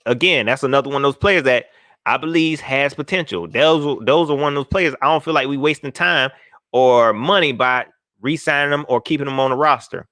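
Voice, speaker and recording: A man hosting a live call-in sports show, animated and slangy, joking as he reads viewer comments aloud. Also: mid-range voice, a little fast, no echo, clean studio sound. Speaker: sports podcast host.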